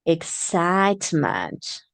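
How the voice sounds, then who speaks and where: A woman teacher giving a demo phonics lesson, patiently repeating words slowly and clearly and encouraging her learners. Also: on the low side, big pitch swings, no room sound.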